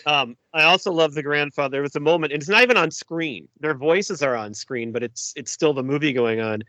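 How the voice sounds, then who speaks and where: A man's voice: fairly high pitch, fairly quick, bright, forceful tone, no echo. A man hosting a casual podcast chat, leading the segments and quoting favorite movie lines. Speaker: podcast host.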